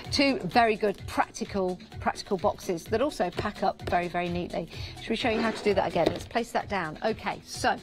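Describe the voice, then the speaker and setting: A woman's voice: mid-range voice, brisk, music in the background. A woman with an English Midlands or Northern accent presenting on a live shopping channel in a TV studio, chatty and upbeat, repeating prices and counts for emphasis. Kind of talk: live TV product selling.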